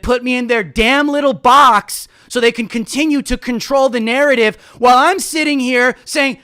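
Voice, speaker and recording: A man's voice: very high voice, normal speed, hardly any pauses, bright, forceful tone, clear, resonant tone. A young man hosting a live political commentary show, ranting in a fiery, emphatic way.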